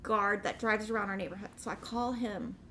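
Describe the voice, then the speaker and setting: Chatting casually with her audience, a middle-aged cross-stitch show host speaks in a mid-range voice at a slightly fast pace. Her storytelling is animated, as she performs her own lines and those of others. There's a bit of background noise.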